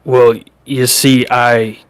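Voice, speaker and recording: A man's voice: mid-range voice, level tone, unhurried, fairly bright tone, clean tone, no echo, natural voice. A man playing a polite, twangy half-orc. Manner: polite, formal.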